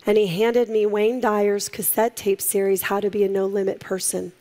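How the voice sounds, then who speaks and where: A middle-aged woman, a guest in an interview, telling her story in a lively way and acting out the people she quotes, laughing often. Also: medium pitch, normal speed. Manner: animated, acts out quoted voices, laughs often. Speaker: guest, entrepreneur.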